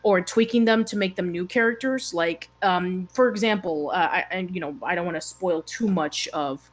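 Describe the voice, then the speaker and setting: A woman's voice: lowish voice, normal speed. A woman co-hosting a casual chat show, talking hesitantly with lots of fillers and restarts. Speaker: show co-host.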